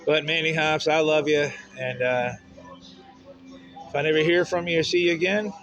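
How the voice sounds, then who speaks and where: A man talks straight to the camera in a rambling, emotional vent, cursing freely and speaking bluntly. His voice sits on the high side, and the recording sounds dull and lo-fi. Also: moderate pace, fairly bright tone, soft background music. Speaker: vlogger.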